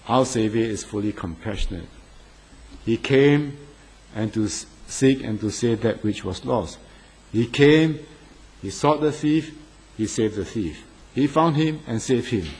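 A man delivers a sermon to his congregation in a husky voice. He talks earnestly and presses his listeners with pleading appeals. His pitch sits in a plain middle range. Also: a little mellow, rough recording. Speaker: preacher.

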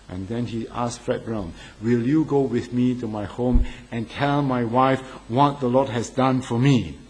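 A man delivers a sermon to his congregation in a husky voice. He talks earnestly and presses his listeners with pleading appeals. His pitch sits in a plain middle range. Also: darkish tone, low-quality recording. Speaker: preacher.

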